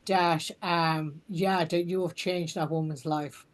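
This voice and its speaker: A woman's voice: sits low, fairly even intonation, takes it slowly. Earnest woman hosting an interview. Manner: warm, earnest, frequent affirmations and restarts. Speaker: podcast host and counsellor. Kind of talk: casual interview chat.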